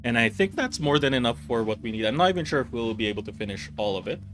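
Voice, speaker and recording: A man's voice: medium pitch, expressive, racing, faint music behind. A man hosting a live stream, rambling and laughing as he chats, then reading a document aloud. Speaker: streamer host.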